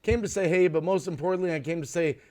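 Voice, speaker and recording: A man hosting a live stream who is worked up and ranting. His voice sits a bit high. He keeps breaking in on the others with quick apologies before pressing on. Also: warm tone. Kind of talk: casual live stream chat.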